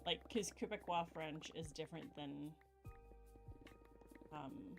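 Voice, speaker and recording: Chatty woman with a low voice. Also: slow, vocal fry, over music, low-quality recording. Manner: rambling, explains with many fillers. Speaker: gaming channel host. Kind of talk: casual gameplay chat.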